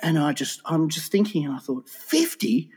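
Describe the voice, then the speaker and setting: Slightly high-voiced man telling stories. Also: brisk, a little mellow, slightly rough. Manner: swears freely, laughs through his stories. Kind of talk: casual storytelling chat.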